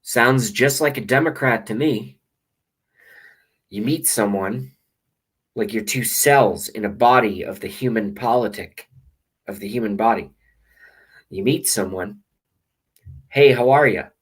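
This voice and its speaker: A man with a low, husky voice rants into a webcam, rambling and sarcastic and dropping profanity. He talks straight to camera like a political vlogger. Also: a little slow, pauses often, rough recording. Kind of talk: ranting monologue to camera.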